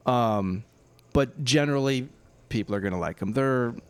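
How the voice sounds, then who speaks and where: A man, a DJ guest on a podcast, talking in a relaxed, rambling, self-deprecating way. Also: medium pitch, moderate pace. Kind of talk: casual podcast chat.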